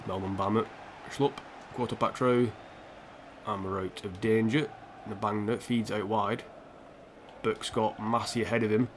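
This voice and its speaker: A man's voice: on the low side, steady tone, measured pace, long pauses, slight background noise. A man streaming a football video game, commenting casually on the match while chatting to viewers and poking fun at himself. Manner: chatty, self-mocking, reacts to the match and answers chat. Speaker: streamer playing a football career mode.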